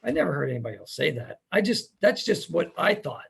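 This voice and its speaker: A man hosting a podcast in casual chat, easygoing and agreeable, trailing off softly. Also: on the high side, big pitch swings, fast talker, vocal fry, slightly rough. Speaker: podcast host.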